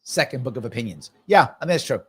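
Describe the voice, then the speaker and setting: A man's voice: medium pitch, big pitch swings, fast talker, husky. A man hosting a live stream, chatting casually and reading viewer comments aloud, upbeat and repetitive. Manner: chatty, upbeat, repeats himself. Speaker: host.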